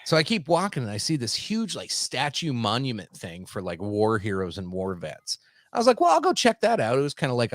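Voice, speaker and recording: A man's voice: mid-range voice, no echo, studio quality. Rambling, profane country-boy storyteller. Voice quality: self-described simple country boy. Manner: rambling, profane, heavy on fillers. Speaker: podcast host. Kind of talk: casual storytelling.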